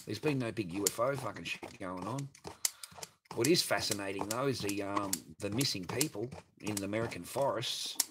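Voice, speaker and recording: A man's voice: fairly low pitch, moderate pace, background noise. A man hosting a livestream and reading viewer chat, talking in a profane, rambling, blunt way. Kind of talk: casual livestream rant.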